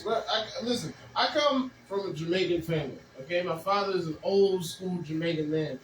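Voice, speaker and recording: A man doing a stand-up set, laid-back and dry, breaking into loud shouted and sung bits. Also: sits high, a little fast, hardly any pauses. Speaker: headlining stand-up comic. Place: small basement comedy room. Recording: roomy, far from the mic.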